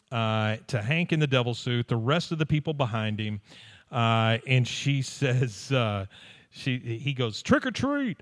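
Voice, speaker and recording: Animated man recapping a cartoon live. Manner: animated storyteller, jumps into high put-on voices for quotes. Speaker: podcast co-host recapping an episode. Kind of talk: casual live podcast recap, acting out lines.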